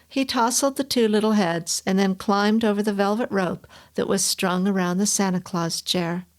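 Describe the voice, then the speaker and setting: A woman's voice: mid-range voice, fairly even intonation. Woman reading a story aloud. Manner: measured storytelling. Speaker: story reader. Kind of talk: audiobook reading.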